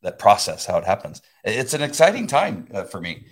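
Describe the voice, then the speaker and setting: A man in his fifties co-hosting a casual faith chat, excitable and laughing often, often restarting mid-sentence. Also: fairly low pitch, a little fast. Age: 50s. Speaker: co-host.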